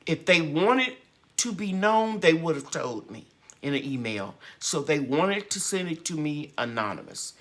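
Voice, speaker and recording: Woman, gardening host on live chat, unhurried, heartfelt and encouraging. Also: sits low, sing-song, a bit bright.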